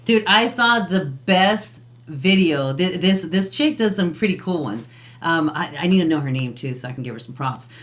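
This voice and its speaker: A woman with a lower voice chats on a podcast, jumping into stories with energy. She pushes back on her co-host and laughs easily while she talks. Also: moderate pace. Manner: animated storyteller, acts out voices, laughs. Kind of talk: casual relationship talk.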